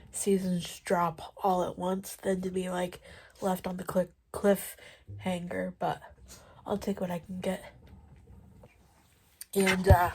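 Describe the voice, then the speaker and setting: A woman in her twenties chatting casually in a vlog, her voice stuffy from allergies, rambling along with plenty of fillers while riding an exercise bike at home. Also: mid-range voice. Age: 20s. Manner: rambling, relaxed, lots of fillers. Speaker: vlogger.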